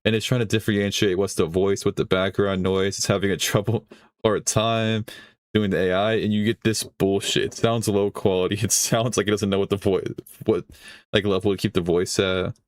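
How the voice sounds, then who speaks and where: Low-voiced man rambling in casual commentary. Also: flat delivery, normal speed, no echo, studio quality. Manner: rambling, swears often, laughs mid-sentence. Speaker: streamer host reacting to a video.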